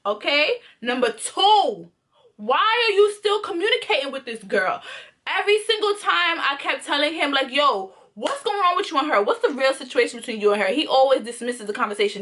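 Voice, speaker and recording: High bright-voiced woman telling a dramatic story. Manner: dramatic and emphatic, re-enacting scenes; swears freely in slangy talk. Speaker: storytime vlogger. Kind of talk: casual storytime vlog.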